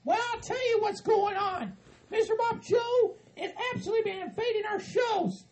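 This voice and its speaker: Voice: very high voice, normal speed, darkish tone, rough recording. A performer voicing a bossy, fed-up hillbilly woman with a Southern drawl in a comedy skit. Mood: indignant.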